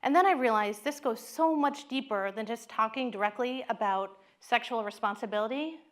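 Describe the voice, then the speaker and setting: A middle-aged woman, a psychologist, giving a talk with candid, animated storytelling. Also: a little high, moderate pace.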